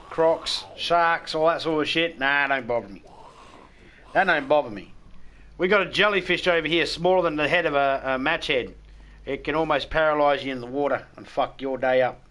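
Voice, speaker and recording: A middle-aged Australian man, a game streamer, chats casually in a sharp, fairly high voice at a moderate pace. He rambles and swears freely, with blunt humor.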